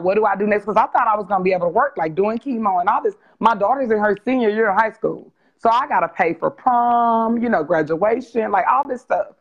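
A woman in her forties, a guest telling her life story on a video call interview, open and animated. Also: mid-range voice, muffled recording. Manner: animated, open, acts out quoted dialogue with laughs.

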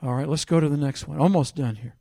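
A man delivers a sermon in a somewhat high voice, recorded close and dry with almost no room sound. He reads scripture loudly and emphatically, then drops into a quiet, conversational tone to tell a story from his own ministry. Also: fast talker, no echo. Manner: animated, swings between loud emphatic reading and quiet storytelling. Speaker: preacher.

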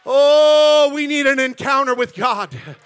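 A man preaching a sermon as pastor, with an American accent, telling a story quietly and then rising to loud, shouted preaching in a church. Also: very high-pitched, slow pace. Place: church sanctuary.

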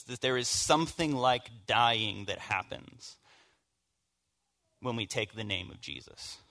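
Southern guy preaching, bright voice, chatty then goes quiet and low for the heavy bits. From American South. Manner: storytelling, conversational, shifts from hushed to emphatic. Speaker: pastor. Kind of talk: sermon.

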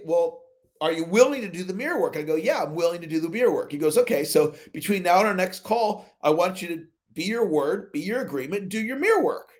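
A man hosting a motivational coaching call over video, telling stories and acting out both sides of his conversations. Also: high voice. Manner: animated storytelling, acts out both sides of dialogues. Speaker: sales coach, call host. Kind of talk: motivational talk on a live call.

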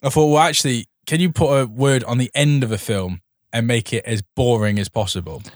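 A man's voice: medium pitch, brisk, dry recording, clean studio sound. A man co-hosting a podcast, trading film puns in a casual, laughing chat. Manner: joking, pun-making, laughs often. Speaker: podcast co-host.

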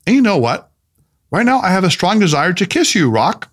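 A man's voice: big pitch swings, brisk. A man voicing a skeptical adult male doctor in an audiobook, raising his voice into an incredulous, defensive tone. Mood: earnest. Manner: incredulous, defensive, higher-pitched. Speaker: protagonist character in an audiobook. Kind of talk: audiobook character reading.

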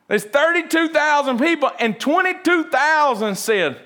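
High-voiced folksy preacher. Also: male voice, moderate pace. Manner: folksy, animated storyteller. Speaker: pastor. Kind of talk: sermon.

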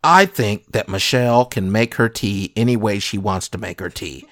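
A man with a slightly low voice chats casually and jokingly. He plays it mock-serious and keeps tossing questions at his co-host. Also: moderate pace, fairly bright tone. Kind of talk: casual comedic chat.

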